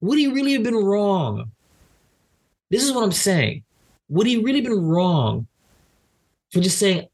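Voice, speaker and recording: Gravelly, husky man talking animatedly. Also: high voice, measured pace, pauses often. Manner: animated, repeats words, acts out quoted speech. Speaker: podcast host. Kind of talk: casual podcast talk.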